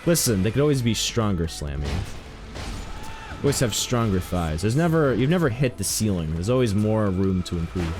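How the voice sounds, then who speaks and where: Animated, joking male streamer. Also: on the low side, normal speed, soft background music. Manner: joking, rambling, animated storytelling. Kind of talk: casual live-stream chat while gaming.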